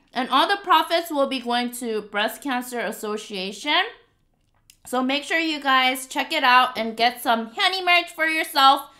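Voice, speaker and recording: With a high-pitched, bright, forceful voice, this mukbang host keeps her eating vlog chatty and playful, tossing in cutesy meows. Eating sounds come through clearly on her close mic.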